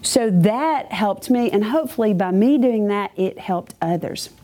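Woman giving a church testimony, mellow voice, animated and chatty. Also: mid-range voice, unhurried. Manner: chatty, animated storytelling with asides. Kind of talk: personal testimony to a church congregation.

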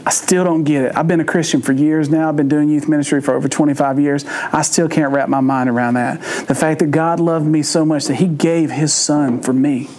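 A man's voice: a little high, fairly even intonation, brisk, hardly any pauses, darkish tone, slight background noise. A middle-aged man with a Cajun Louisiana accent, giving a folksy, joking youth sermon as a pastor. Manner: folksy, jokey, acts out family voices in his stories. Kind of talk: storytelling sermon.

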